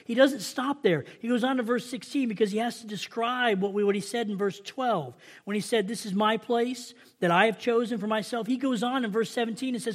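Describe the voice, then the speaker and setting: A man with a Southern accent preaching a sermon, reading scripture slowly and with emphasis, then talking casually with his congregation. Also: extremely high pitch.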